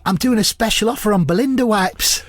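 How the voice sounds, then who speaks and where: A man doing a flat, deadpan pundit voice. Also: high-pitched, brisk, voice pushed up. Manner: repeats lines in a flat put-on voice. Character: male pundit, flat dry repeater.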